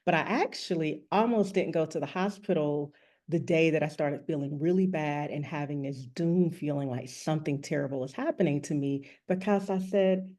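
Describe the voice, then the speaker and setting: A woman speaks as a guest in an interview, telling her own story in a candid, reflective way. Her voice sits low, with a mellow, relaxed tone. She talks earnestly and plainly as a rest coach and author. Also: normal speed.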